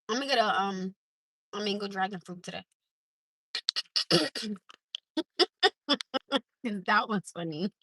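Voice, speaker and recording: A woman with hosting a casual live stream from her parked car, laughing often and talking in slangy, animated bursts. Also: mid-range voice, a little slow, pauses often, a little hiss or hum. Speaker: livestream host.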